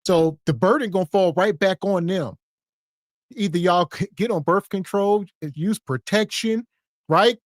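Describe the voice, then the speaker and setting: Podcast co-host, man, a bit high-pitched, blunt and scornful. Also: measured pace, no room sound, studio quality. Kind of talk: casual commentary.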